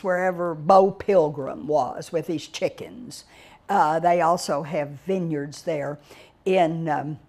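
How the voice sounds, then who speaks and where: An older woman from Texas, giving a digressive storytelling lecture with dramatic exclamations and drawn-out words. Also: on the low side. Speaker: guest speaker reviewing a book.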